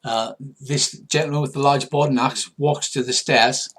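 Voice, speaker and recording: A man narrating as game master for a casual tabletop game among friends, in a relaxed, loose way. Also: mid-range voice, moderate pace. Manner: relaxed, slips into gruff pirate voices.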